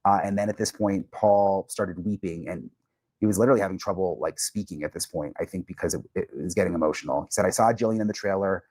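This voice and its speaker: A man's voice: sits low, fast talker, a little mellow, dry recording. A male reporter soberly recounting court testimony, with many filler words.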